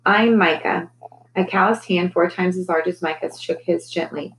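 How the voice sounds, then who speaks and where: Low-voiced woman reading a storybook aloud. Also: little pitch movement, normal speed, slight background noise, rough recording. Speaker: teacher reading to a class. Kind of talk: reading a children's novel aloud.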